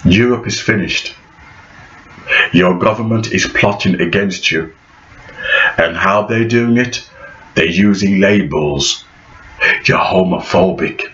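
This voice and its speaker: A man's voice: low-pitched, slow, pauses often, fairly bright tone. A man vlogging in a preachy, prophetic monologue, repeating phrases for emphasis. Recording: echoey room, dull lo-fi sound.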